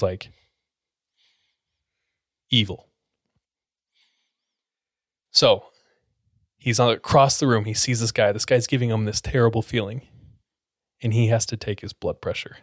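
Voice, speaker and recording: A man's voice: lowish voice, no room sound. A man telling a creepy story to friends in a casual, suspenseful way with plenty of fillers, close to the mic. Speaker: podcast storyteller.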